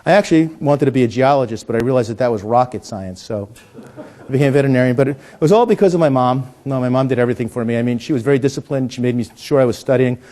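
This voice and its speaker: A middle-aged man talks fast in a warm, mid-range voice as he does coin magic with punny jokes. He then teaches the trick, often stumbling and starting over.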